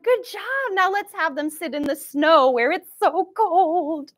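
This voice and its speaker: Woman, children's librarian, high animated sing-song voice, slow and deliberate, camera mic across the room. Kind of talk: live-streamed baby storytime.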